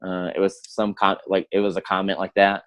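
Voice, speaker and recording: A man chatting as a podcast guest, halting and hesitant, with many pauses and restarts. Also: low voice, flat delivery. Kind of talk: casual chat.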